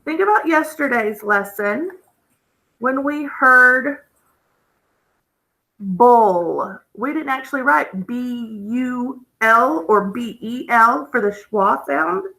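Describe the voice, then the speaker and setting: A woman's voice: high-pitched, animated, creaky, bright, forceful tone, low-quality recording. A woman teaching a phonics lesson, patient and explaining step by step, checking in with the class often. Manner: slow, patient, checks in with "okay?".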